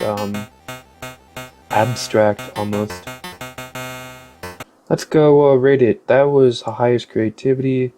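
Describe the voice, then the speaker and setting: A man's voice: mid-range voice, a little mellow. A man hosting a casual review of video game submissions, musing aloud in a hesitant way with fillers. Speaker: gaming video host.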